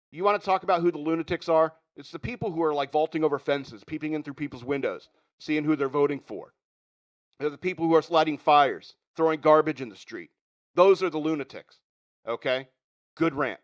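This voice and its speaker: A man hosting a radio show, chatting casually and rambling with frequent chuckles. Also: a little high. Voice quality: chuckling, rambling, self-interrupting. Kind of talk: casual chat.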